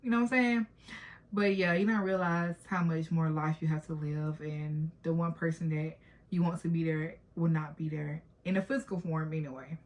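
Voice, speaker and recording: Vlogger, woman, late 20s, lower voice, open and heartfelt, speaks directly to camera. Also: steady tone, normal speed. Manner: candid, emotional, talks straight to viewers. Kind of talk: personal vlog talk.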